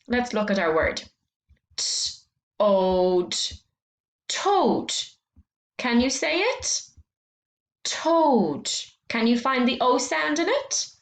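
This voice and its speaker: Woman teacher doing phonics for little kids, really slow, voice goes up and down a lot, echoey room. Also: medium pitch. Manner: slow, clear, encouraging, stretching out sounds. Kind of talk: phonics lesson for young children.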